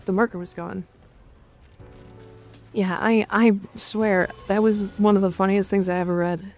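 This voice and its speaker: A woman streamer chatting casually while gaming, crude and excitable, swearing freely. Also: mid-range voice, measured pace, soft background music.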